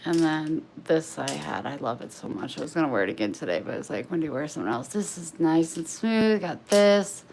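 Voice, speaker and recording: In an echoey room with faint ambience and background noise, a woman vlogs to camera in a low, animated voice with vocal fry. She talks at normal speed with hardly any pauses, rambling, interrupting herself, and being frank about her own life.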